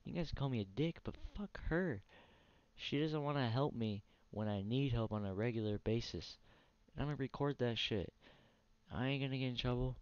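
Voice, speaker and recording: A man's voice: mid-range voice, normal speed, darkish tone, clear, resonant tone, dry recording. Tired, profane young man gaming. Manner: profane, ranting, blunt. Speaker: gaming channel host. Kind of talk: casual let's play commentary. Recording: dry, dull lo-fi mic.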